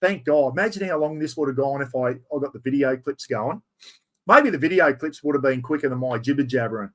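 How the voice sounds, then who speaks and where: A man's voice: medium pitch, animated, brisk, a bit bright. A middle-aged Australian man hosting a casual livestream, chatting loosely and reading out viewer comments with plenty of slang. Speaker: livestream host.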